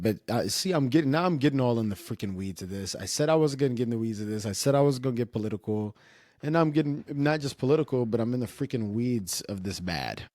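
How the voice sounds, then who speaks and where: A man's voice: on the low side, darkish tone, dry recording, studio quality. A man streaming casual commentary in a rambling, self-interrupting way, often trailing off and restarting.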